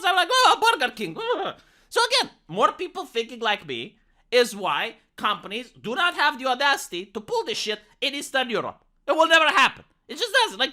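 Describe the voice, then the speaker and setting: A man delivers a casual vlog rant. He is sarcastic and worked up, and his voice carries a bright, forceful edge. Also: very high-pitched. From Romania. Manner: sarcastic, ranting. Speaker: vlogger.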